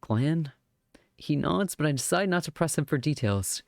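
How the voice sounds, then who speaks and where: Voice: medium pitch, animated, fairly quick, vocal fry, no echo, clean studio sound. Giggly streamer reading a game. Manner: giggly, chatty, joking asides. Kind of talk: live-streamed visual novel read-aloud with commentary.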